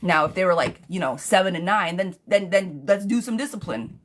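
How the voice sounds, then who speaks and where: A tarot reader doing a live session throws blunt, profane advice at her viewers in an animated way, frequently saying "girl." She speaks a little fast in a lowish voice, with a bit of hiss or hum in the audio.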